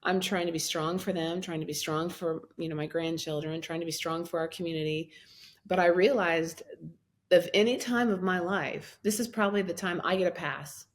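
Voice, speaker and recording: Animated storytelling woman in her fifties. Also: lowish voice, moderate pace. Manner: animated, acts out her own past words in a raised voice; laughs often while telling a story. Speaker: guest, minister and life coach. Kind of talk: personal storytelling in a podcast interview.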